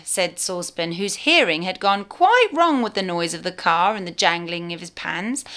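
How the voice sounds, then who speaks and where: A woman reads a storybook aloud to young children, clear and expressive as a teacher. Her voice moves a lot in pitch, keeping the story lively. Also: normal speed, hardly any pauses.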